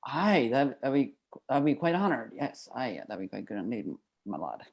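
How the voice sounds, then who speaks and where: A man's voice: mid-range voice, very animated, normal speed, darkish tone, husky, lo-fi sound. A man improvising a folksy, forgetful film director with a put-on Scottish accent and a rambling manner. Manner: rambling, fond of calling people laddie. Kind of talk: improv comedy.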